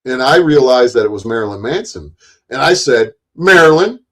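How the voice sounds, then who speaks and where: Man telling a rambling, profane concert story. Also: a little fast. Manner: rambling and animated, acts out quoted lines in a louder, higher voice.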